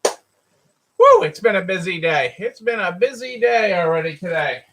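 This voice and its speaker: A man's voice: high voice, expressive, moderate pace, a bit bright, rough recording. A man hosting a casual live stream for store owners, who greets viewers by name and repeats his phrases. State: hiccups. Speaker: livestream host for store owners.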